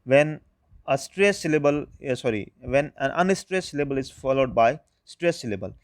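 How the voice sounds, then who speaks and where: A man, an English lecturer, giving a recorded lecture, explaining slowly and repeating key terms. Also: mid-range voice, lively intonation, no echo.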